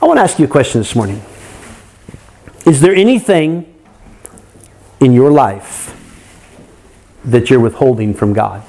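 A man's voice: medium pitch, very animated, unhurried, creaky, pauses often, mellow. A man preaching a sermon, earnest, asking the congregation rhetorical questions and acting out their complaints.

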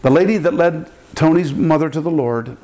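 Older man, pastor, sermon storytelling, animated, acts out quotes, higher-pitched voice. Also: moderate pace. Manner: animated preaching, acting out quotes with big pitch jumps.

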